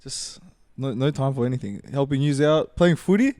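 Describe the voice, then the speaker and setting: Regular, mid pitch, dry close sound, low-key. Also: male voice, normal speed, dark tone, dry recording. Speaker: podcast regular. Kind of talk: casual chat.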